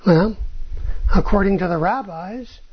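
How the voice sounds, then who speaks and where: A woman's voice: medium pitch, unhurried, slightly rough. A woman teaching a class on rabbinic texts, often checking in with "right?" and "okay?" and asking rhetorical questions. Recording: dull lo-fi recording.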